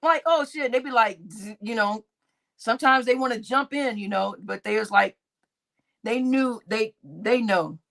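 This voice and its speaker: High-voiced woman streaming slowly. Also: gravelly, a bit bright. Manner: laughs often, swears freely, talks straight to viewers. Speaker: live streamer reading chat. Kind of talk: casual live-stream chat.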